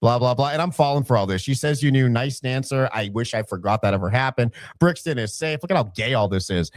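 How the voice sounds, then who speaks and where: A man's voice: medium pitch, expressive, fast, few pauses, no room sound. A man telling a story on a podcast and reading out messages in mocking voices.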